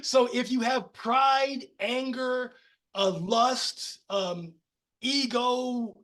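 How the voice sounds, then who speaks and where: High voiced american guy on a podcast, animated, lots of restarts and laughs. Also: drawn-out words. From United States. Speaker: podcast guest. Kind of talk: casual storytelling conversation.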